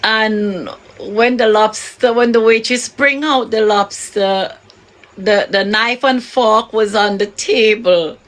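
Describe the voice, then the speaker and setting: A middle-aged woman with a Jamaican accent, telling stories with soft laughs in a live-streamed interview. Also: mid-range voice, steady tone. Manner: unhurried storytelling with soft laughs. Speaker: interviewee, bereaved mother.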